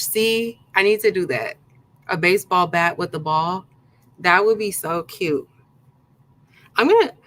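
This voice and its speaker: A woman's voice: fairly low pitch, a bit bright, poor audio. A woman hosting a live craft tutorial, chatting casually and greeting her viewers one by one by name, with plenty of ums along the way. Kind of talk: casual live-stream chat.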